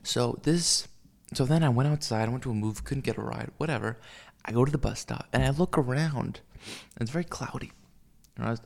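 A man's voice: medium pitch, brisk, gravelly. A man rambling in a casual solo monologue, ranting with lots of swearing, fillers and restarts. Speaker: vlogger.

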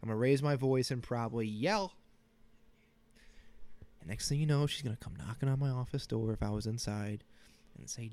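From a small, chilly home office, a thirty-something podcast host rambles through a casual solo episode with self-deprecating jokes. He talks at normal speed in a medium-pitched, darkish voice and sniffles slightly.

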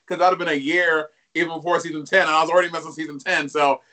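A man with a high, bright voice chatting as a guest. His talk is candid and expressive, and he rambles through his stories. His tone has a sharp, forward edge. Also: fast. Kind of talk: casual chat.

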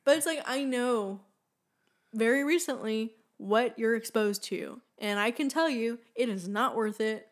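A woman's voice: a little high, a little slow. Chatty young woman podcaster. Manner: chatty, earnest, many fillers, laughs often. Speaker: podcast co-host. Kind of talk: casual chat.

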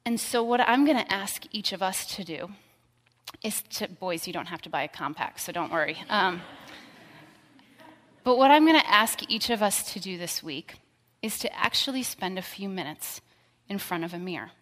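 A woman giving a sermon, telling a story and dropping to a soft whisper for tender lines. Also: mid-range voice, expressive, normal speed, in a large hall. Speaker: pastor.

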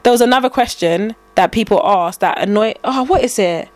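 A woman's voice: medium pitch, brisk, dry recording. A young woman chatting casually as a co-host, telling stories animatedly and often trailing off and restarting her sentences. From England. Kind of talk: casual chat.

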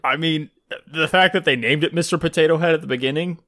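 A man's voice: fairly high pitch, a bit bright. A man with a Michigan accent co-hosting a podcast in casual chat, talking with feeling and many stops and restarts. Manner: emotional, halting, many restarts. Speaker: podcast co-host.

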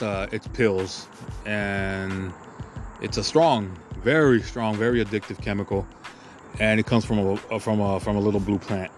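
A man hosting a podcast, ranting crudely and heatedly in a rambling monologue full of filler and profanity. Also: lowish voice. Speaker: podcast host.

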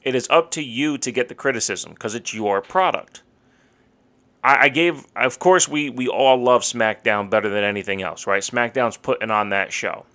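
A young man with a bright, forceful voice rants heatedly on a casual podcast. His delivery is profane and blunt, full of frustrated asides and swearing, in an ordinary middle pitch. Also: normal speed. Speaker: podcast co-host.

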